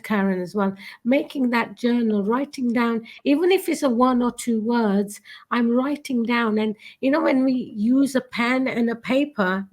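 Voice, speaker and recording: Earnest woman with a high voice. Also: rough recording. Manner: earnest, repeats and restarts often. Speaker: group discussion speaker. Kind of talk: casual reflective group talk.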